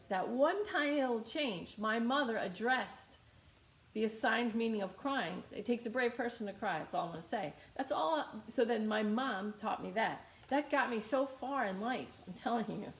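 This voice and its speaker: A woman's voice: a little high, lively intonation, moderate pace, reverberant. A woman teaching a guided meditation in a casual, chatty way, often repeating her phrases.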